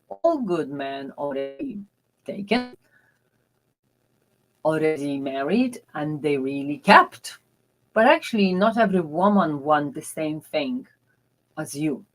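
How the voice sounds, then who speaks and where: Woman love coach, low voice, very unhurried; earnest, confiding, non-native English with loose grammar. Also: expressive, poor audio. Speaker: love and dating mentor. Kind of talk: motivational personal storytelling.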